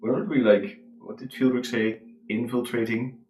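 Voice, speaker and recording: A man playing a tabletop game, talking hesitantly with many pauses and ums. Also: mid-range voice, steady tone, a little mellow, faint music behind. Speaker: player. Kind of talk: tabletop role-play. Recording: echoey room, far from mic.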